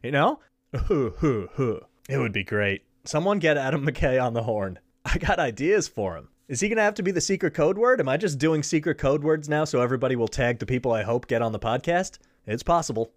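A man's voice: medium pitch, lively intonation, fairly quick, no room sound, clean studio sound. A man hosting a podcast alone, talking in a rambling, jokey way and jumping from tangent to tangent. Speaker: podcast host. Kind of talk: solo podcast monologue.

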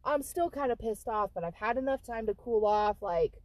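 A woman's voice: on the high side, normal speed, no room sound. Woman on a podcast ranting thru a story, swears a lot, acts out the lines, dry close sound. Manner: profane, animated storyteller who acts out quotes. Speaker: podcast co-host. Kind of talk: casual storytelling chat.

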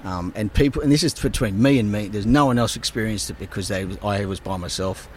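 A man, a guest telling surf stories in casual, animated talk full of swearing. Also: fairly low pitch, brisk, a little hiss or hum. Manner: animated, swears a lot, relives moments with voices. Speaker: guest surfer. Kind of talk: casual storytelling.

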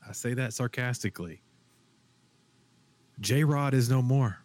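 Animated rambling male podcast host. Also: mid-range voice, a little slow, dry recording. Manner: animated, rambling, frequent fillers and restarts. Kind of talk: casual chat.

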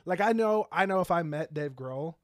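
A man's voice: a little high, animated, moderate pace, no room sound, clean studio sound. A man co-hosting a podcast in casual chat, rambling through stories and swearing freely. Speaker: podcast co-host.

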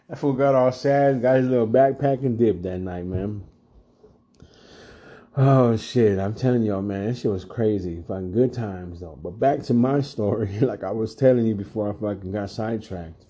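Middle-aged man, casual storyteller, heavy slang and swearing, mellow dark tone. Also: lowish voice, normal speed. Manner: profane, slangy, laughing.

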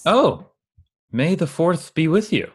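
A man's voice: a little high, sing-song, slow pace, husky. A man co-hosting a podcast, casually chatting with a playful, teasing manner and frequent laughter. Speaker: podcast co-host. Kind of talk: casual chat.

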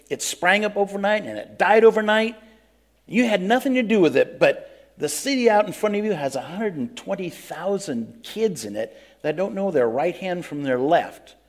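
A man playing a whiny, resentful old prophet. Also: sits high. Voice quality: earnest, plain-spoken, breaks into pleading outbursts. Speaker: interviewee in character. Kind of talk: first-person biblical role-play interview.

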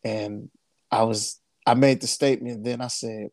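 A man's voice: mid-range voice, steady tone, normal speed, a little mellow, dry recording. A man hosting a casual podcast chat, laid-back, repeating his phrases and laughing easily. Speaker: podcast host.

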